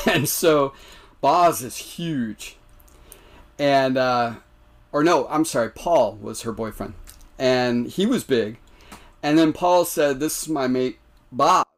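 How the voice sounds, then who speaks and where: An American man telling stories on a podcast, animated and laughing, with many restarts. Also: mid-range voice, slow, long pauses. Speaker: podcast guest. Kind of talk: casual storytelling.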